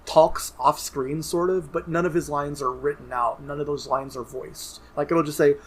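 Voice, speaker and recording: Chatty male podcast co-host, raised pitch, rambly delivery, light noise floor. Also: fairly even intonation, normal speed. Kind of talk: casual gaming podcast chat.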